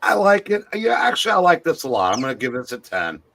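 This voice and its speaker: Lively-pitched man co-hosting a stream. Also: quick pace. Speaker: co-host. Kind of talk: casual live-stream chat.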